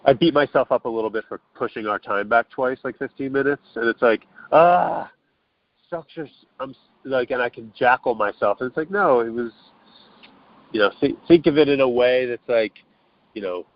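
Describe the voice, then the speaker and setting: A man's voice: mid-range voice, a little fast, no room sound. A man as an interview guest, explaining earnestly and loosely over the phone, with restarts and acted-out quotes. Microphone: telephone. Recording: dull, dry phone line.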